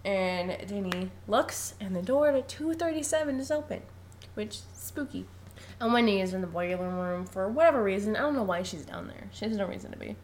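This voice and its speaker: A young woman co-hosts a podcast, recapping a film in casual, animated chat, laughing often and acting out the characters' lines. Her voice is medium-pitched and fairly quick, with a little hiss or hum in the background.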